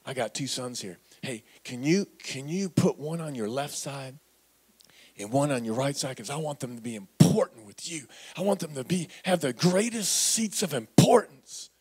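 Man doing a pushy mother's hushed whisper. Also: medium pitch, expressive, moderate pace, pitched below the performer's own voice. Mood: coaxing whisper. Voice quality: hushed, breathy.

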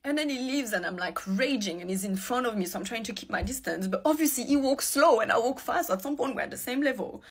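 A woman recounting a street run-in in a rambling, agitated way. Her voice sits fairly high and sounds husky and breathy. She talks like someone filming an emotional personal story. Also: expressive, fast talker, hardly any pauses.

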